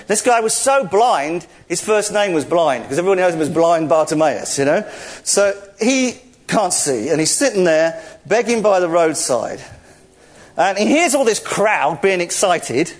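Lively, high-voiced preacher. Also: male voice, a little slow. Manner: jokey, laughs often, animated storytelling. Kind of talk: playful interactive sermon, directing volunteers. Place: church service.

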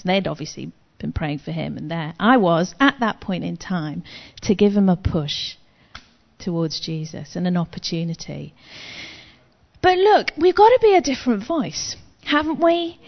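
A woman preaching from her own experience, frank and chatty, with a self-deprecating streak. Her voice sits at an ordinary middle pitch for a woman. It's a muffled, lo-fi recording with a long echo, as if made in a large hall. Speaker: Christian speaker. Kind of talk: testimony-style preaching. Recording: long reverb, dull lo-fi sound.

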